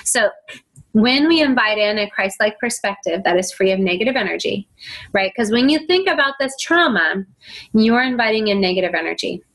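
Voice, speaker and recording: A woman's voice: mid-range voice, lively intonation, moderate pace, fairly bright tone, low-quality recording. A middle-aged woman teaching a faith-based self-help talk, acting out quoted voices as she goes. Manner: acts out quoted voices and whiny children.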